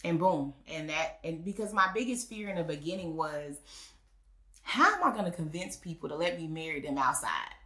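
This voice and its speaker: A woman's voice: sits low, normal speed. A woman, a wedding officiant and business owner, telling stories in an interview and acting out the voices she quotes. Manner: animated storyteller, acts out quoted voices. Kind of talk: casual interview storytelling. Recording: echoey room.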